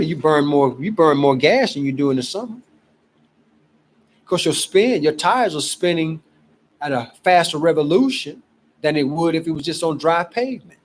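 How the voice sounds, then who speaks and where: A man from Cleveland, Ohio, giving an emphatic, exasperated casual pitch about gold and prices. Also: a little hiss or hum, low-quality recording. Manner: emphatic, exasperated, animated preaching. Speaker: gold promoter. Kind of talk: casual selling pitch to camera.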